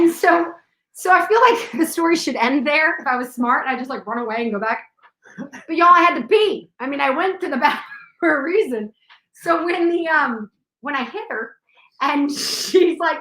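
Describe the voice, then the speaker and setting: A young woman telling a personal story in an animated way, acting out the scenes with sudden drops and bursts of volume. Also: high-pitched, normal speed. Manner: dramatic, acts out scenes with shifts in volume. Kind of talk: animated anecdote. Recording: echoey room.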